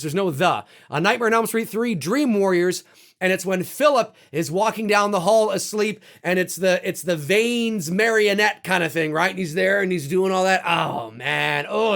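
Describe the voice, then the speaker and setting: A man with a high, gravelly voice talks casually to camera. He is animated and excitable, tossing in swear words and acting out bits with sudden loud bursts. His tone stays bright and forceful. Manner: animated, swears freely, acts out quotes with loud outbursts. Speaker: YouTube host ranking horror kills.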